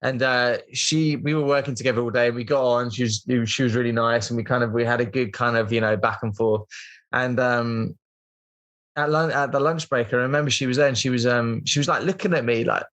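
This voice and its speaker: A man's voice: medium pitch, steady tone, a little fast, a bit bright. A British man in his thirties, a podcast guest telling a story in a rambling, chatty way with plenty of fillers. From Britain. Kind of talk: casual storytelling interview.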